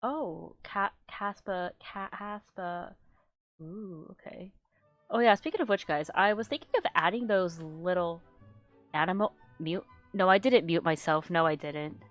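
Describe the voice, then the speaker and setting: A woman chatting casually on a live stream, rambling and excitable, swearing freely and getting loud when worked up. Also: lowish voice, measured pace, lo-fi sound, soft background music. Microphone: desk microphone she adjusts.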